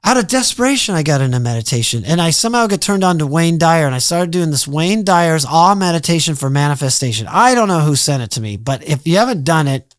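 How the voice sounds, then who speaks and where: A middle-aged man, a podcast guest, telling his story in a casual, animated way, acting out his past thoughts and swearing freely. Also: on the high side, quick pace, few pauses, no echo, clean studio sound.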